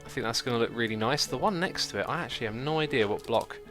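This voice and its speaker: A man's voice: mid-range voice, expressive, fast talker, over music. A man hosting a gaming livestream, chatting casually, laughing often and reading out donations and chat messages. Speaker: streamer host.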